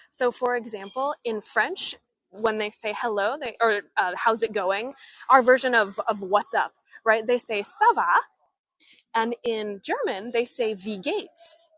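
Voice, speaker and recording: Chatty woman guiding a slow walking tour. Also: on the high side, expressive, a bit bright, no echo. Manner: chatty, halting with frequent restarts and fillers. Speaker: travel vlogger and tour guide. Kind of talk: live walking tour stream. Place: outdoors in an old town street. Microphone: handheld phone.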